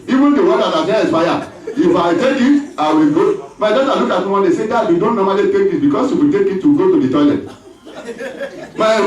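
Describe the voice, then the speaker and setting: A man preaching a sermon as pastor, lively, with call-and-response and acted voices. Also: sits high. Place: church hall. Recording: echoey church hall from far off.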